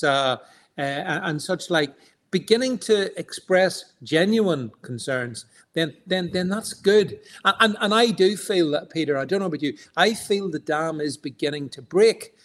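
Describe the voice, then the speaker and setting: A man's voice: on the high side, expressive, unhurried. A man co-hosting an online stream, talking emphatically with many stammered restarts. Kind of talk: casual political chat.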